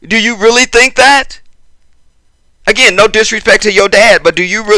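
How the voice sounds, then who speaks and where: Brash, animated man ranting. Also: high voice, moderate pace, no room sound. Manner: blunt, profane and sarcastic; talks straight to the viewer with pointed questions. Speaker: vlogger. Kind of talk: ranting celebrity gossip commentary.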